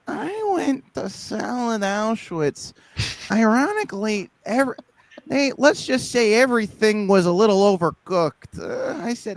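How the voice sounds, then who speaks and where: Gravelly animated man riffing comedy bits. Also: high voice, dry recording. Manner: rapid riffing, breaks into laughter, slips into character voices. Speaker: comedy podcast co-host.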